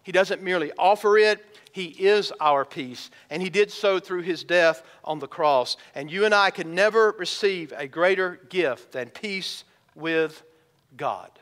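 A man with a high voice preaches a sermon as pastor. He is emphatic and leans on dramatic pauses. He slows right down when he reads scripture aloud. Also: fairly bright tone.

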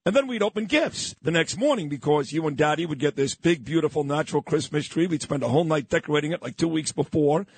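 A middle-aged man from Brooklyn, hosting a morning radio show and reminiscing in a sentimental, halting way. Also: a little high, animated, gravelly, husky. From Brooklyn, New York. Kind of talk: radio talk show chat.

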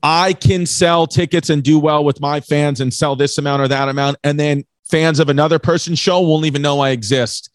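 A man's voice: on the high side, fairly even intonation, normal speed, few pauses, no echo. A man from New York with a New York accent, a comedian hosting a podcast, rambling in a joking way and repeating his words. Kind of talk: casual podcast chat.

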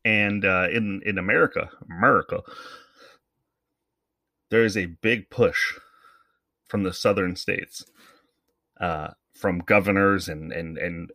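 A man's voice: sits low, a little slow, long pauses, bright, forceful tone, dry recording, clean studio sound. A man hosting a podcast, giving casual, rambling commentary in a sarcastic, profane way. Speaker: podcast host.

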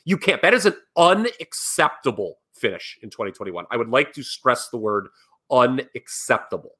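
A man's voice: medium pitch, sing-song, moderate pace, pushed and bright. A man co-hosting a casual wrestling podcast, critical and emphatic, swearing as he rants about a match finish. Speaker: podcast co-host.

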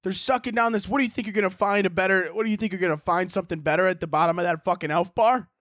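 A young man hosting a casual solo podcast from home, ranting in a profane, animated way and mocking people with quick impressions. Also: high-pitched, no room sound, clean studio sound. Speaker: podcast host. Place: indoors at home.

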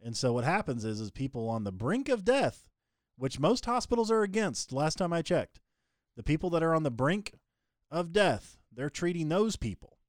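A man co-hosting a casual talk show, explaining things plainly with deadpan sarcasm. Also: fairly high pitch, moderate pace, no echo, studio quality. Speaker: co-host. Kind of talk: casual chat.

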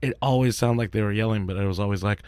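A man's voice: on the low side, fast talker, a little mellow, clean tone, no echo. A man co-hosting a podcast in casual chat, laughing often and trailing off into mumbles. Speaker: podcast co-host.

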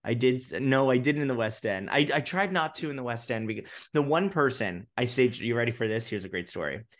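A young man, a theatre producer, telling stories in a casual interview in an animated, gushing way, with many fillers and restarts. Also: mid-range voice, fairly quick.

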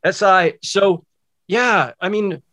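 A man who is a guest sportswriter, with a bright, forward voice pitched a little high. He speaks in a reflective, heartfelt way in casual chat. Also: takes it slowly.

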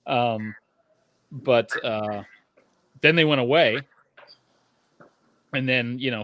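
A man co-hosts a casual podcast from his home garage, his mid-range, slightly bright voice moving slowly with frequent pauses. He rambles, swears casually, trails off and restarts, and the recording has no room sound.

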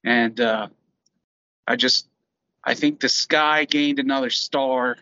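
Man, bright tense timbre, halting heartfelt memory, muffled lo-fi. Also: mid-range voice, fairly even intonation, dry recording. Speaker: friend sharing a memory. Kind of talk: casual memorial remembrance.

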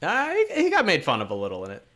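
Wry man with a lively voice. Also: lowish voice, rapid-fire. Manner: wry, self-deprecating joking. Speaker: podcast co-host. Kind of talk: casual chat.

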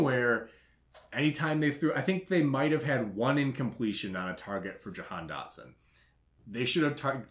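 A man hosting a podcast, telling a story in casual chat and laughing often. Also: mid-range voice. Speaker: podcast host. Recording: echoey room.

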